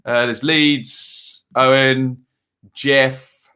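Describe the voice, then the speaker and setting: A man's voice: medium pitch, fairly even intonation, extremely slow, pushed and bright. A man hosting a casual live football stream, chatting loosely with many fillers as he reads out viewer comments between match updates.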